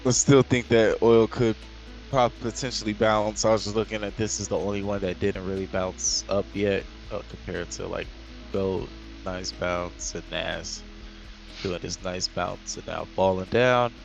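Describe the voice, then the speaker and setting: A man's voice: low voice, steady tone, measured pace, vocal fry, soft background music. A young man hosting a casual trading livestream, joking loosely and swearing as he talks. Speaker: livestream host and trader.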